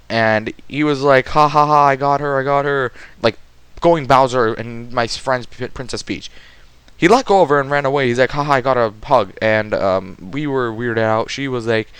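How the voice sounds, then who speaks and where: A young man tells a school story to camera in a loose, rambling way, stacking fillers and restarting his sentences. His voice is smooth and clean, sitting at an ordinary middle pitch. The recording is close and dry, with no room sound. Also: fairly bright tone, no echo. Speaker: vlogger. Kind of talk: casual storytime vlog.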